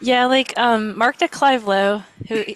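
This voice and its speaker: Relaxed woman interviewer. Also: on the high side, dry recording. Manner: relaxed, chatty, quick to laugh. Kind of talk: casual interview chat.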